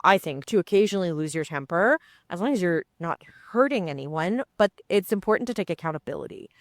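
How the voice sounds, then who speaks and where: A woman's voice: on the low side, lively intonation, brisk, dry recording, clean studio sound. A woman hosting a podcast who talks in a reassuring, conversational way. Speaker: podcast host. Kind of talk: casual podcast interview.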